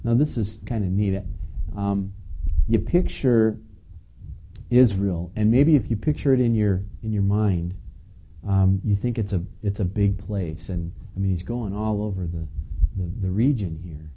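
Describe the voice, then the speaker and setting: A man's voice: fairly low pitch, a little slow, mellow, dull audio, slight background noise. A man preaching a conversational sermon, reading scripture and adding casual asides to his listeners. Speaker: pastor. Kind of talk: sermon teaching.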